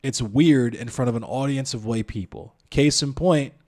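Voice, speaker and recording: A man's voice: mid-range voice, moderate pace, darkish tone. Blunt, profane male streamer ranting. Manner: profane, blunt, addresses chat and viewers directly; argumentative, rhetorical questions. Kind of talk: heated live-stream commentary.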